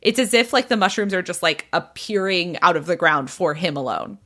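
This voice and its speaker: A woman with a lowish voice speaks briskly as a podcast host in casual conversation. She animatedly retells a story, acting out what people said and using "like" a lot.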